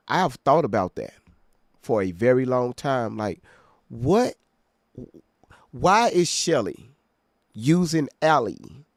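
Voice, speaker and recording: A man's voice: mid-range voice, darkish tone, no echo, studio quality. A man hosting a reaction video, talking straight to his viewers in an emphatic way and often checking they follow him. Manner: emphatic, keeps checking in with listeners. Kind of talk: casual commentary to viewers.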